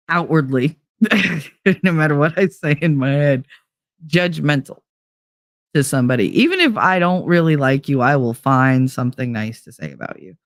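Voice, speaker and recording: A woman hosting a podcast, telling a bawdy story in a casual, animated, profane way and acting out what others said. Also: deep voice, dry recording, clean studio sound. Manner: profane, animated, acts out quoted dialogue. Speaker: podcast host.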